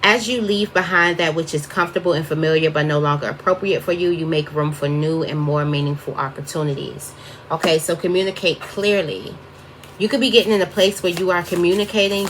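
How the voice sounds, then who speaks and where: A woman's voice: lowish voice, a bit bright, slight background noise. A woman giving a casual tarot reading, chatty and wandering off topic as she talks to her viewers. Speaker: tarot reader.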